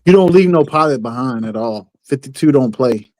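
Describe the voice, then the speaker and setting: A man's voice: mid-range voice, expressive, brisk, a little mellow, dry recording, low-quality recording. Man on a livestream, slangy easygoing talk, dry close mic. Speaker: livestream guest. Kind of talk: casual livestream chat.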